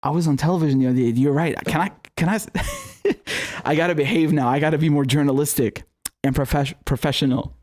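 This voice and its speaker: A young man with a fairly high voice runs his own political commentary show. He talks off the cuff in a sarcastic, mocking tone, swears freely and keeps breaking into laughter. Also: brisk, a little mellow. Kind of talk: casual livestream commentary.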